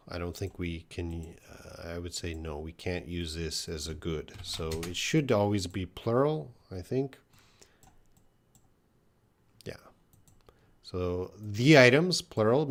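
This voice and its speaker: A man with a slightly low voice hosts a live English lesson, reading viewers' questions aloud one by one. He answers plainly and thinks out loud, hedging with fillers as he goes. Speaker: English teacher.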